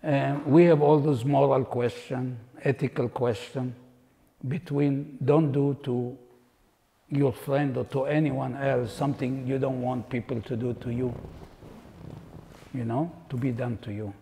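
An older man, an interviewed artist telling anecdotes in an unhurried, reflective way. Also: mid-range voice, steady tone, gravelly, warm tone, long reverb tail. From Israel. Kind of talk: reflective storytelling.

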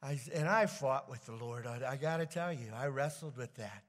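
Halting pastor in a reverberant church. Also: male voice, medium pitch. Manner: halting, rambling storyteller with many fillers and restarts. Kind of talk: storytelling sermon. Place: church sanctuary. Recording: long church hall reverb.

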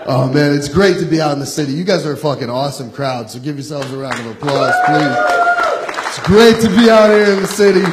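A man's voice: fairly high pitch, expressive, a little fast. A young man from Long Island doing a profane, self-deprecating stand-up set on a comedy club stage, laughing between jokes. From Long Island, New York. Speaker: stand-up comic. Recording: roomy club with loud crowd laughter. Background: audience laughter.

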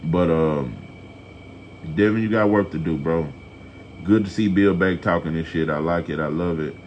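Blunt, profane low-voiced man ranting. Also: normal speed, darkish tone, highs cut off, a little hiss or hum. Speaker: boxing commentator. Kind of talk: casual opinion rant to camera.

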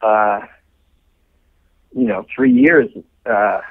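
A middle-aged man, a show's co-creator, telling anecdotes as a guest in a podcast interview, animated and full of fillers. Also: on the low side, very slow. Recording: tinny phone-like line.

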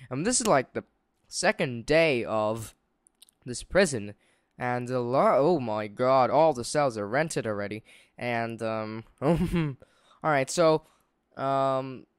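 A young man casually commentating his own gameplay, excitable and quick to exclaim and laugh. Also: medium pitch, clear, resonant tone, dry recording, clean studio sound. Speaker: gaming channel host.

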